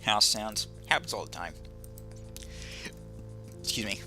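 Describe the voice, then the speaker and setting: A man voicing a sardonic gentleman cat burglar in a put-on British accent, deadpan and wry, for a video game. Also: lowish voice, measured pace, soft background music, voice pushed down, exaggerated voice. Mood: dry. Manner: dry, deadpan, wry asides. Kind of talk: video game voice-over reading.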